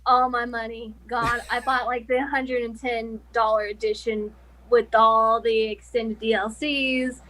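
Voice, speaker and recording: Slow-talking young woman, giggly guest. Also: fairly high pitch, poor audio. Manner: relaxed, short answers, giggly. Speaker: guest streamer. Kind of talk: casual interview chat.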